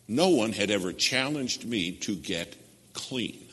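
A man's voice: fairly low pitch, expressive, a little fast, fairly bright tone, slightly rough, big-room sound. A man preaching a sermon, telling a story and pressing his listeners with direct questions.

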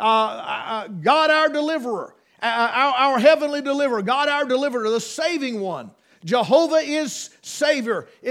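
A man preaching a sermon, emphatic, with restarts and rhetorical questions to the congregation. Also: very high-pitched.

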